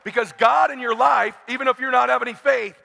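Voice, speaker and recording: A man from Southern California speaks on stage at a conference, and he brings his stories to life. His high, bright voice has a gravelly edge and carries a long echo through a big hall. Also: quick pace. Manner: animated, acts out characters in his stories. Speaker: motivational speaker. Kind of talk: stage keynote storytelling. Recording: echoey hall.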